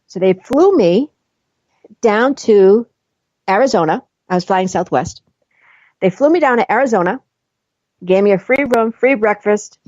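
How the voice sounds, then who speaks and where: A woman's voice: mid-range voice, darkish tone, no echo, lo-fi sound. A woman host telling a personal story with animation, acting out dialogue and laughing often. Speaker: podcast host.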